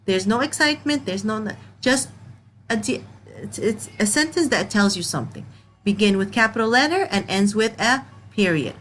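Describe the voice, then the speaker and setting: A woman's voice: medium pitch, fairly bright tone, a little hiss or hum, poor audio. A woman teaching a children's grammar lesson, patient, reading example sentences and checking in with okay.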